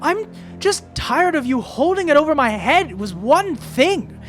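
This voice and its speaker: A man voicing an exasperated lady of a grand house who yells at an unwanted guest. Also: high-pitched, big pitch swings, measured pace, faint music behind, pitched above the performer's own voice. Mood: furious. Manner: yelling, exasperated.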